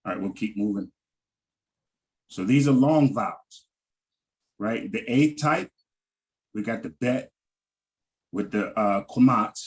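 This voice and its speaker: A man teaching a Hebrew vowel lesson over a video call, halting and repeating words and often checking in with "right?". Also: fairly low pitch, low-quality recording.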